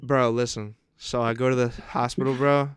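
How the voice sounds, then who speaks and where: A young man chats on a podcast, telling a profane story with animated energy and frequent laughter. His voice is smooth and resonant at a middle pitch. The sound is close and dry, with no room around it. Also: moderate pace, dry recording. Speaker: podcast co-host. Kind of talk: casual chat, storytelling.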